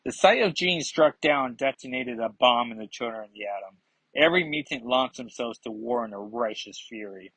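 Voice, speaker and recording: A man casually talks through a comic book, rambling and correcting himself. His voice is husky and sits in a middle pitch. The recording is dry and close. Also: animated, normal speed, pushed and bright, no room sound, poor audio. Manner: rambling, with frequent fillers and self-corrections. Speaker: comic reviewer. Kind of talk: casual comic review and read-aloud.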